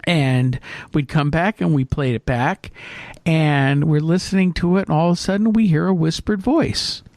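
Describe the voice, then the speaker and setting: A middle-aged man telling a story in casual chat, with lively restarts and fillers. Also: a little high, moderate pace, no echo. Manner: animated anecdote, hesitant fillers. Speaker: co-host.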